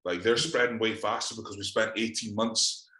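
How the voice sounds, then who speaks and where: A man's voice: lowish voice, steady tone, moderate pace, bright, forceful tone, echoey room, low-quality recording. A Scottish man co-hosting a podcast, chatting casually in a sweary, exasperated, rambling way. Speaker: podcast co-host. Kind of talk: casual chat.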